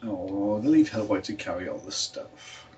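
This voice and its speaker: A man's voice: on the low side, expressive, normal speed, dark tone, far from the mic, highs cut off. A man in a casual film discussion, explaining points in a matter-of-fact way. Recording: off-mic with faint room noise.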